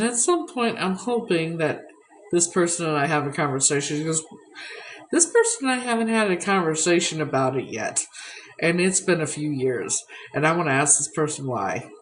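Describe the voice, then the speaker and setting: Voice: medium pitch, a little hiss or hum, low-quality recording. A vlogger talking frankly and reflectively at home, swearing freely about their past. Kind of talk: candid personal vlog talk. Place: at home indoors.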